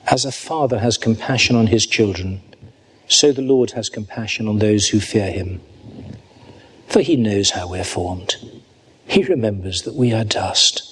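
A man's voice: on the low side, fairly bright tone. Earnest male preacher with faint noise. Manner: earnest, reads scripture slowly and deliberately. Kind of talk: sermon. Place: church service.

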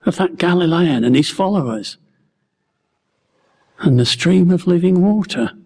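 A man's voice: fairly high pitch, a little mellow, husky. A man, a preacher telling a Bible story as a wry, musing first-person bystander. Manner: wry, musing storyteller who acts out his own wondering. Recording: long hall reverb.

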